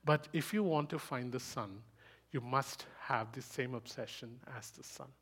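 A man preaching a sermon, fast and emphatic, asking rhetorical questions and rising into loud bursts. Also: mid-range voice, breathy edge. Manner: speaks fast.

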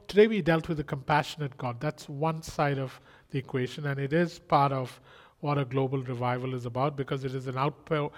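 An earnest man preaches with a voice a little higher than most men's. He builds his points with rhetorical questions and exclamations, repeating key phrases for emphasis. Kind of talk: sermon.

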